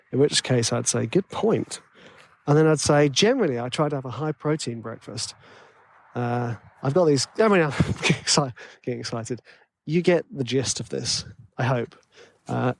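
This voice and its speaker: A man with a tenor voice, hosting his own podcast in a rambling, excitable, self-deprecating chat. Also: mid-range voice, gravelly. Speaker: podcast host and composition coach. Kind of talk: casual solo podcast monologue.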